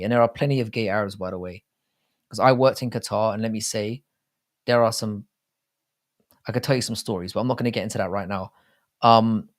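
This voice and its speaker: A British man co-hosting a live stream chat, rambling in a casual, profane way. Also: medium pitch. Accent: British English. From Britain.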